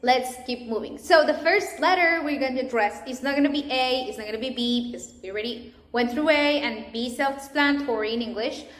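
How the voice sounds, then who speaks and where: A woman's voice: sits high, a little fast, a bit bright. A woman with a Spanish accent, a native Spanish speaker teaching a pronunciation lesson, spelling out letters and example words with care. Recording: echoey room.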